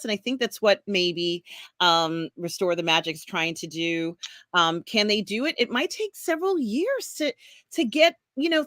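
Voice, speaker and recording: Bright-voiced woman, dry close sound. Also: mid-range voice, no echo. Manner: rambling, many ums, reads out viewer comments. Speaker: podcast host reading chat. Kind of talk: casual chat.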